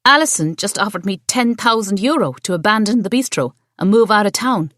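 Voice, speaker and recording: A woman's voice: medium pitch, lively intonation, a little fast, fairly bright tone, no room sound, studio quality, voice pushed up, natural voice. A woman voicing a feisty, defiant young café owner who argues back indignantly, in an audiobook.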